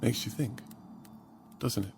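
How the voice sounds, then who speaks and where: A man voicing a calm, sinister middle-aged male kidnapper in a video game, polite, cold and measured. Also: medium pitch, creaky, slight background noise. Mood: musing.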